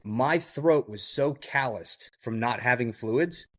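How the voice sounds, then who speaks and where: A man's voice: mid-range voice, takes it slowly, a bit bright. A man guest on a podcast, telling a story casually in the first person with blunt, vivid detail and many fillers. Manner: vivid, blunt retelling that acts out the quoted dialogue; frequent fillers like "like" and "I go".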